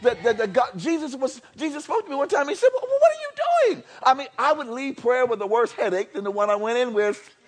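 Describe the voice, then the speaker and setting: A man with a high, bright-sounding voice preaches a sermon in a church. He repeats himself for emphasis and drops into chatty asides. Then he builds up to near-shouting. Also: a little fast. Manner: animated, swinging from soft to near-shouting. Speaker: pastor.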